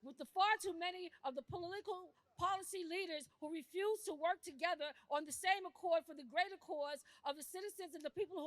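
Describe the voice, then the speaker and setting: Impassioned woman activist at a rally, very high pitch, forceful and indignant, plain everyday phrasing. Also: no echo. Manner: indignant, forceful, rising to shouts; casual speech with "y'all" and "I'ma".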